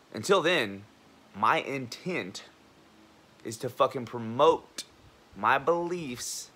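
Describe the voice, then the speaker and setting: A man's voice: lowish voice, pushed and bright. A young man, an army veteran, ranting to camera in a heated, rambling, profane way about his intentions and a club meeting. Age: young adult. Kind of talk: casual rant to camera.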